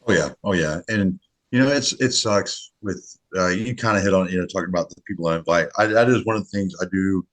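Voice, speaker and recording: A middle-aged man with a very low, deep voice, chatting in a relaxed podcast conversation. He talks earnestly and loosely, often circling back and restarting his sentences. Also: a little fast. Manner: earnest, rambling, many restarts. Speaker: match director. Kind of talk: casual podcast chat.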